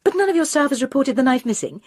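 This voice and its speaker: A proper, earnest middle-aged woman plays at detective on the phone, voiced by a woman reading the story. Her husky voice rises and falls a lot, recorded dry and close. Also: high-pitched, sing-song, fast, a little mellow, no echo, voice pushed up.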